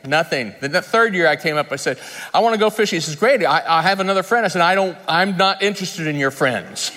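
Guy preaching, kinda high voice, funny stories, big echoey hall. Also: brisk, hardly any pauses, sharp tone. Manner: storytelling with humor and laughter. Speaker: pastor. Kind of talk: sermon. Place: large conference hall. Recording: long reverb in a hall.

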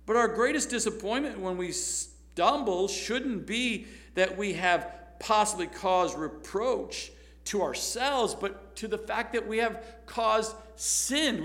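A man's voice: high-pitched, vocal fry, fairly bright tone. A man preaching a sermon in an emphatic way, repeating phrases for stress. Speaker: pastor.

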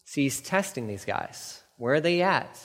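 A man's voice: fairly high pitch, sing-song, measured pace, in a large hall. A man preaching a sermon, reading scripture aloud and breaking off into casual, emphatic asides that repeat key points. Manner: conversational asides, emphatic repetition.

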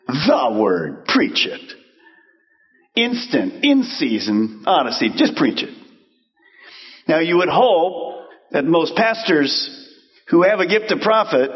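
A man preaching a sermon as pastor, animated and acting out quoted voices. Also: sits high, highs cut off.

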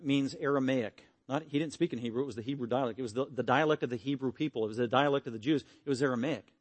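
An earnest, animated man preaching a sermon and closing in prayer. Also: mid-range voice, quick pace, hardly any pauses. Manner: earnest, animated, acts out quotes.

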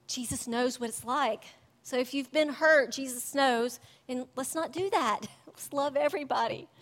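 A high-voiced woman gives a sermon in a chatty, animated way, often laughing along with her own stories. Her voice rings with the long reverb of a church hall.

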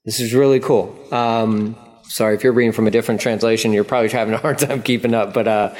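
Man preaching a lively sermon. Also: fairly low pitch, quick pace. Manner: lively preaching, acts out God's voice in paraphrase. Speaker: pastor.

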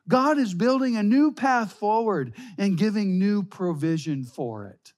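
A man preaching a sermon, slow and emphatic, reading scripture aloud. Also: high voice, sing-song. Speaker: pastor.

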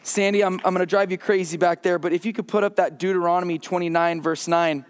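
A man preaching a conversational sermon as a pastor in a church, slowing and dropping his voice for emphasis. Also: high voice, steady tone, in a large hall, slight background noise. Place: church sanctuary.

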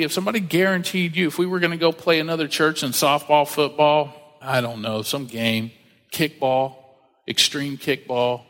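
Conversational pastor in a reverberant hall. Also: male voice, fairly high pitch, fairly bright tone. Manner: conversational, joking asides, acts out quotes. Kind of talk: sermon.

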